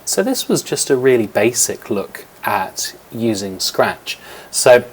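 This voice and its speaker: A man's voice: mid-range voice, sing-song, takes it slowly, slight background noise. Man patiently explaining a kids' coding lesson. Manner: patient, step-by-step explaining with fillers. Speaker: teacher. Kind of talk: screen-recorded coding lesson for children. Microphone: computer microphone.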